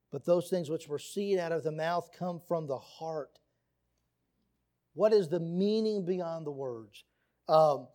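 A man's voice: on the high side, mellow. A man preaching a sermon on marriage, earnest and emphatic, reading quotes and scripture aloud. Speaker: pastor.

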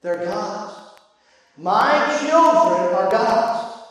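A high-voiced man preaches a sermon, his delivery rising and falling sharply for emphasis. He sounds distant from the microphone, and his voice rings through a large, reverberant church hall. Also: expressive, drawn-out words. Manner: preaching with dramatic swings in pitch and loudness. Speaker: pastor. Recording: echoey hall, voice from far off.

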